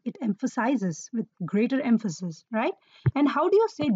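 A woman's voice: a little high, very animated, a little fast, darkish tone, husky, dry recording, lo-fi sound. A woman teaching Arabic grammar to learners, patiently repeating key words and quizzing her listeners. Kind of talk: explaining Quranic Arabic grammar.

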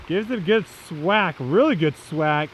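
A man's voice: a little high, expressive, a little slow. A man from the Southern United States giving playful sportscaster-style commentary on a mini golf game outdoors. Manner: joking sportscaster-style play-by-play. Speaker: vlog host. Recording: dull lo-fi outdoor audio with faint noise.

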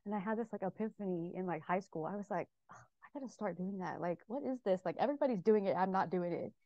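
A woman's voice: medium pitch, fast talker, dark tone, no room sound. A woman sharing a personal story at a book club, talking casually with lots of fillers. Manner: rambling, many fillers, emotional. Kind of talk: casual sharing in a group discussion. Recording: muffled lo-fi audio.

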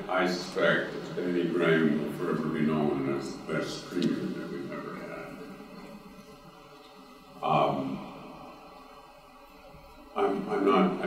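A man from Cape Breton with a local accent, speaking on a conference panel in a folksy storytelling manner, with many fillers and restarts. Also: very deep voice. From Cape Breton, Nova Scotia. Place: conference hall. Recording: roomy hall recording from a distance.

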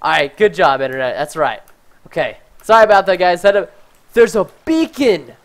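A man giving chatty, excitable live commentary while playing a game, talking to his viewers and easily startled. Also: high-pitched, normal speed. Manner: talks to chat and viewers. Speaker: gaming livestreamer.

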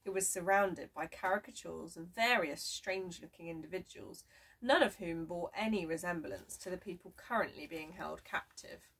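A woman reading a children's storybook chapter aloud in a steady, measured way, recorded from a distance. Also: fairly low pitch, slightly rough. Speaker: reader.

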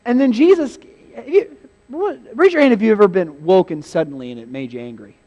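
A male pastor giving a sermon, telling a Bible story in a lively, humorous way. He laughs often and acts out scenes with sudden shouts. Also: sits high, fast talker, muffled recording.

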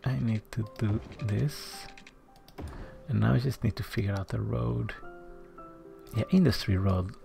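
A let's-play commentator thinking aloud while building in a game, muttering to themself and sometimes dropping to a soft near-whisper. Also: medium pitch, measured pace, creaky, pauses often, soft background music. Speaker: gameplay commentator.

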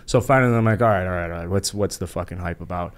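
A man's voice: sits low, rapid-fire. A young man hosting a podcast, telling a story in a rambling, profane way full of fillers. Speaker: podcast host. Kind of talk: casual storytelling.

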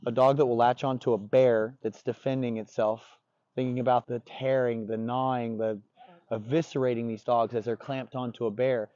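A man with a warm, relaxed voice talks as a dog trainer, blunt and plain-spoken. He swears casually. The recording sounds dry and dull. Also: medium pitch, moderate pace, no echo. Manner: blunt, profane, confident explaining. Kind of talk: casual on-the-job instruction.

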